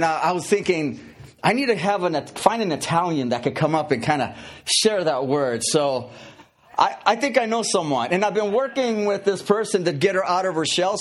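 Male pastor, lively and chatty sermon, a touch high-pitched. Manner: chatty, many fillers and restarts, playful. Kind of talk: conversational sermon.

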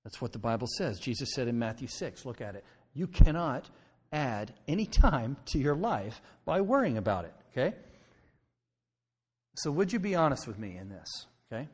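A male pastor delivers a sermon in a conversational way, pausing often to check in with the congregation. His voice sits at an ordinary middle pitch. The sound carries a long reverb from the church hall. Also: sing-song, a little mellow, slightly rough. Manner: conversational preaching, frequent "okay?" check-ins. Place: church sanctuary.

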